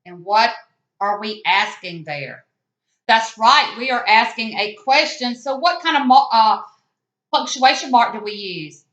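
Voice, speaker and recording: A woman teaching young children, reading aloud slowly and asking questions with encouraging, sing-song praise. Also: on the high side, animated, a bit bright, echoey room, muffled recording.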